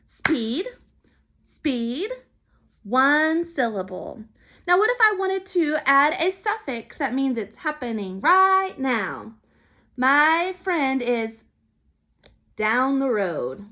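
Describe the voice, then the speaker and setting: Woman, phonics teacher, high voice, slow careful sounding out. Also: very animated, pushed and bright. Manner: slow, clearly sounded out letters and syllables. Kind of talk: phonics lesson for young children. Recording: recorded for remote learning.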